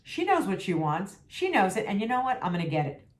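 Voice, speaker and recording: A woman's voice: medium pitch, big pitch swings, a little fast. Sassy woman venting in an echoey room. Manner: sassy, emphatic, repeats for emphasis. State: losing her voice. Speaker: vlogger. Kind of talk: candid venting vlog.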